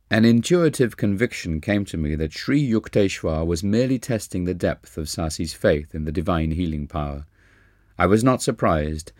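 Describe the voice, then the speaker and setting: A man narrating an autobiography audiobook in a calm, measured reading. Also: deep voice, no echo, clean studio sound. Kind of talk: scripted narration.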